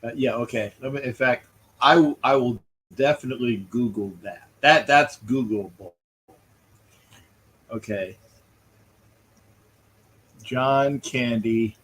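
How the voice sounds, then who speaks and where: A man's voice: medium pitch, rough recording. A man hosting a casual live stream, chatting loosely with viewers and calling a baseball game as he watches. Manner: rambling, chatty, greets viewers by name. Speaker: livestream host. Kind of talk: casual live chat with play-by-play.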